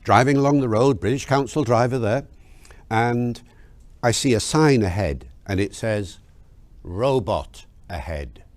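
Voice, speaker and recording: A man explaining language change in an interview, telling lively anecdotes and asking rhetorical questions. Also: mid-range voice, normal speed, no echo. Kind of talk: explanatory storytelling.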